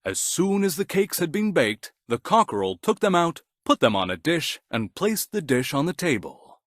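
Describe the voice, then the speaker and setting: A man narrating a scripted children's bedtime story in an animated, gentle storytelling manner. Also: a little high, moderate pace, no room sound, studio quality.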